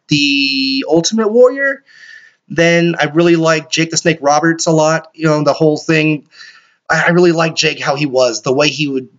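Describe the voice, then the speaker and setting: A man hosting a solo podcast, rambling excitably and swearing often. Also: a little high. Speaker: podcast host. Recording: dull lo-fi recording.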